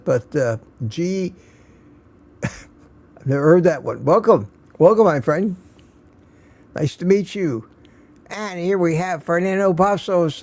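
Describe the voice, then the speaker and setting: A man's voice: a little high, darkish tone. An older man hosting a casual live stream, greeting viewers by name one after another and chuckling often.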